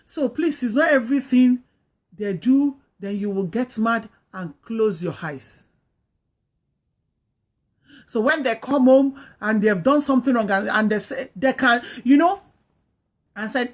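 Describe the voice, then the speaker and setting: A woman with a slightly high voice gives marriage advice in a casual, sermon-like talk. She is earnest and repetitive, hammering home each point. Now and then she acts out the words a spouse should say. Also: animated, measured pace, long pauses. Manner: earnest, repetitive, preachy, acts out quoted speech.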